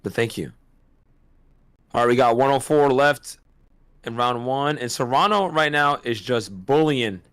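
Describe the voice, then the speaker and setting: A man calling a boxing match on a casual watch-party stream, excitable and slangy, laughing often. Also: mid-range voice, unhurried, long pauses, clean tone, no echo. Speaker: host doing fight commentary.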